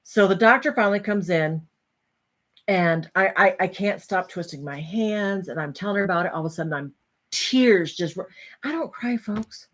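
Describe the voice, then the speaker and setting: Middle-aged woman host, low-pitched, animated storyteller. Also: normal speed. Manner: animated storytelling, acting out other voices. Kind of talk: personal story to an audience.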